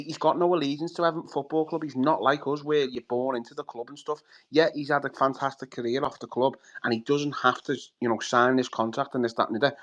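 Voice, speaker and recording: A man, co-hosting a football fan chat show, talking bluntly and animatedly with lots of swearing. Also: mid-range voice. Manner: blunt, sweary, animated, acts out players' thoughts. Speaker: podcast co-host.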